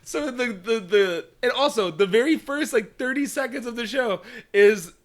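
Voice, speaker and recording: A young man co-hosting a casual anime review chat, animated and laughing often. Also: very high-pitched, normal speed. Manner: animated, laughs often, acts out characters in exaggerated voices. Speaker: podcast co-host.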